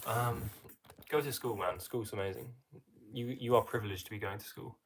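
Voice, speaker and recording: Young English male streamer, lowish voice, relaxed chatty Q and A delivery, faint background noise. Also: normal speed. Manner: chatty, reads viewer comments aloud, friendly filler "mate". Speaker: livestream host answering chat. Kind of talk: casual live-stream chat.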